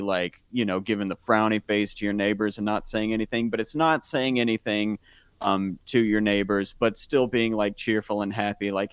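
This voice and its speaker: A podcast co-host with a lowish, clean and resonant voice, recorded close with no room sound. He talks casually and rambles, padding his thoughts with "like" and "um". His delivery is relaxed and conversational. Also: clean tone, no room sound. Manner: rambling, heavy use of "like" and "um".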